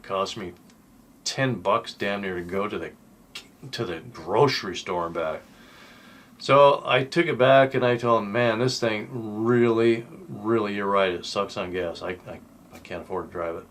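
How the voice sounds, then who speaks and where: A man's voice: fairly low pitch, fairly bright tone. An older man telling a personal story in a casual, rambling, folksy way, with lots of fillers and restarts. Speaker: channel host telling personal stories.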